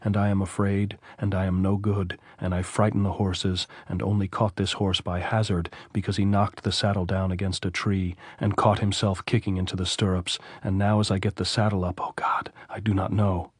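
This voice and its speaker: A man's voice: low-pitched, flat delivery, normal speed, hardly any pauses, slightly rough, no echo, studio quality. A man reading the anxious inner prayers of a frightened young woman in an audiobook, pleading and repetitive. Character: frightened young woman praying in her thoughts.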